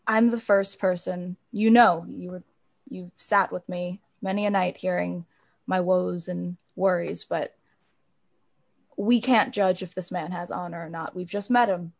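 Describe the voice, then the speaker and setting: A woman's voice: lowish voice, steady tone, measured pace, gravelly. A woman playing a kind, awkward magister. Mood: gentle. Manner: gentle, reassuring, a little awkward. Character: kind, diplomatic female magister.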